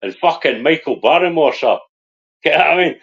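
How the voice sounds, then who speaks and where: A man's voice: fairly high pitch, animated, moderate pace, vocal fry, slightly rough. A British man on a live stream, rambling through memories with frequent laughs and swearing. His voice comes through dull, lo-fi stream audio. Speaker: stream co-host. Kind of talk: casual live-stream chat.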